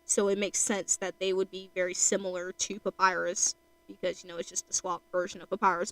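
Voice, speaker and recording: A woman's voice: mid-range voice, fairly bright tone, no room sound, low-quality recording. A woman streamer chatting casually while she draws, rambling with lots of fillers.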